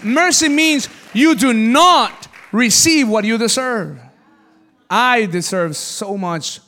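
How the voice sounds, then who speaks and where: High-voiced pastor telling a lively story. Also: male voice. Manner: animated, jokey storyteller who swings from loud exclamations to quiet asides. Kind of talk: sermon with personal storytelling. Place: church service before a congregation.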